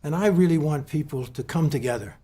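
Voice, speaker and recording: A man from the West Coast of the US interviewing a guest at a golf club, speaking haltingly with many restarts and fillers. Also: fairly high pitch, dark tone, slightly rough. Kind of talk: heartfelt conversational tribute.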